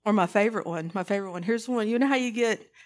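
A woman's voice: medium pitch, fast. A woman preaching a sermon in an earnest, impassioned way, putting pointed questions to her listeners.

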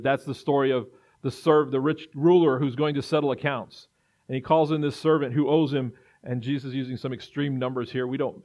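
A man's voice: medium pitch, darkish tone. Earnest preacher man, muffled recording. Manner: earnest, building to emphatic repetition. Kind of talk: sermon. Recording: dull lo-fi recording.

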